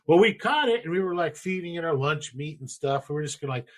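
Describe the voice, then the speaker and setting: A man's voice: a little high, expressive, quick pace. A man in his thirties hosting a podcast, telling a story in a loose, profane, rambling way. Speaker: podcast host. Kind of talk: casual storytelling.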